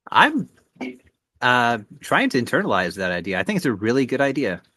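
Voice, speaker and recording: A man co-hosting a podcast, speaking hesitantly and reflectively with many pauses and fillers. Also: mid-range voice, big pitch swings, pushed and bright, no echo. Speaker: podcast co-host. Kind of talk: casual podcast chat.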